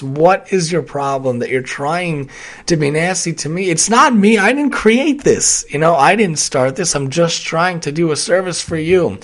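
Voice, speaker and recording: Earnest man reflecting, rising to emphatic peaks. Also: medium pitch. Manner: earnest, repetitive, builds to loud emphatic peaks. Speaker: occupational therapist sharing reflections. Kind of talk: casual spoken reflection.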